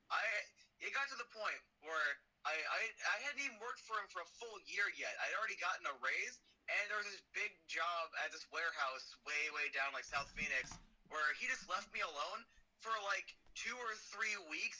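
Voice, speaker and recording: Bright-voiced man in casual chat. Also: on the high side, lively intonation, moderate pace, low-quality recording.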